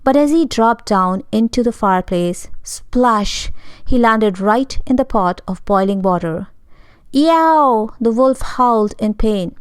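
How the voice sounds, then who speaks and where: A woman narrating a storybook tale in an expressive, dramatic way. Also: medium pitch, a little slow, smooth, no room sound.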